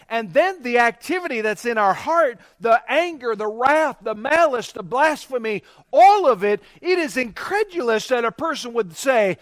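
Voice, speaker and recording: A man's voice: very high voice, very animated, moderate pace, a bit bright, no echo, clean studio sound. A man preaching a sermon to his congregation, calling for responses and building to emphatic bursts. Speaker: pastor.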